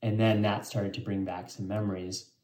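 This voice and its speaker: Soft-spoken man in an echoey room. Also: fairly low pitch, flat delivery. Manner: earnest and introspective, with soft pauses. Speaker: vlog host. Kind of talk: reflective personal vlog.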